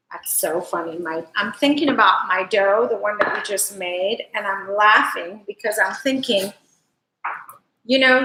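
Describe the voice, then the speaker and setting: A woman's voice: a little high, bright, forceful tone, slight background noise. A woman hosting a live cooking stream from her home kitchen, chatting fondly and rambling to her viewers as she works. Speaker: cooking show host. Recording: echoey kitchen.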